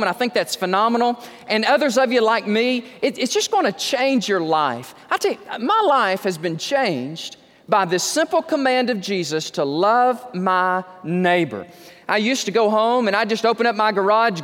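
A male pastor preaching a sermon, slowing down to stress key words and acting out quoted conversations. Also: fairly bright tone. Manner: acts out quoted conversations with raised pitch. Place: church sanctuary. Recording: long hall reverb.

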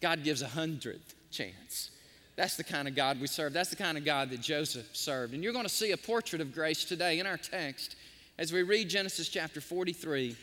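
A man pastor preaching a sermon, telling stories in an animated, emotional way. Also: a little high, normal speed, long reverb tail. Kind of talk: sermon with storytelling. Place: church sanctuary.

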